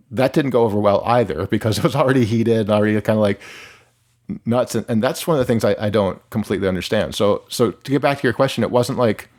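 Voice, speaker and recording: A man's voice: on the low side, a little mellow. A man in his forties from Michigan, a musician guest talking casually in an interview, rambling with lots of "like" and restarts. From Michigan, USA. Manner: rambling, heavy use of "like", frequent restarts.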